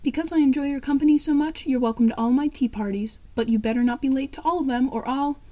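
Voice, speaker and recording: A woman reads a bossy, spoiled little girl in a storybook reading. The voice is high-ish and mellow, the lines hurried and plain. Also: lightly acted.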